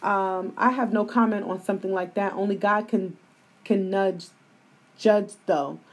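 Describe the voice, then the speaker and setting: A woman's voice: mid-range voice, fairly even intonation, unhurried. A woman hosting a live podcast, venting her opinions bluntly and with a lot of profanity. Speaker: podcast host.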